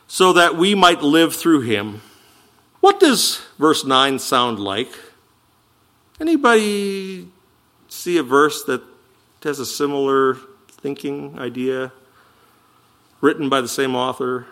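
A high, bright male voice preaching with lively swings in pitch. He explains each point in an animated, emphatic teaching style and slows right down to lean on key words. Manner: animated, emphatic teaching with slow stressed quotes. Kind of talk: sermon.

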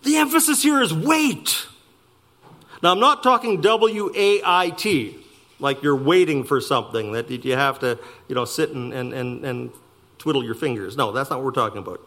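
A man preaching a sermon, slowing down to stress key words and speeding through asides. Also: medium pitch. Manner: animated preaching, slowing for emphasis and rushing asides. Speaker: pastor.

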